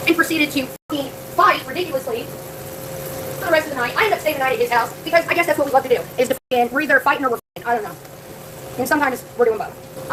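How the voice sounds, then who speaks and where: A woman's voice: high voice, background noise. A young woman live-streaming, telling a story in a blunt, profane, chatty way and talking straight to her viewers.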